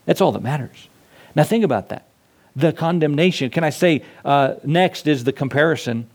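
A man's voice: fairly high pitch, animated, moderate pace. Impassioned preacher man, twang. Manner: impassioned preaching with sudden swings between loud and soft; acts out dialogue in a storyteller's voice. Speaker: pastor. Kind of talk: sermon.

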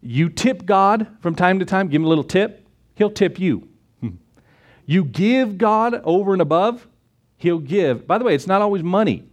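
A male pastor delivers a sermon full of scripture quotes and rhetorical questions. He moves between loud, emphatic exclamations and quiet, conversational asides, speaking expressively at a moderate pace.

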